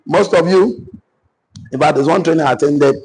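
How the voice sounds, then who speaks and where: A Nigerian man coaches a class in a husky, slightly breathy voice. He dictates his points phrase by phrase and says them over and over so his listeners can take notes. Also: on the high side, a little mellow, low-quality recording. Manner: repeats phrases slowly for note-taking. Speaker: business coach. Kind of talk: dictated teaching session.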